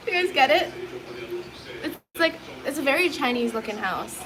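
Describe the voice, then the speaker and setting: A woman's voice: high-pitched, rough recording. A woman chatting casually on a livestream, reading viewer messages, giggling often and leaning on fillers.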